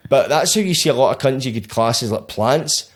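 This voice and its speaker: A young man with a Scottish accent talks at a quick clip in loose, swearing podcast chat. His pitch sits at an ordinary middle height, and his delivery is blunt and rambling. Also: expressive. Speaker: podcast co-speaker on rap. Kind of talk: casual chat.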